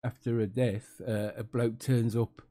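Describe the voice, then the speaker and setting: A man's voice: medium pitch, flat delivery, measured pace, mellow. A British man giving casual, sarcastic commentary on an interview, dry and mocking, with many fillers. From United Kingdom.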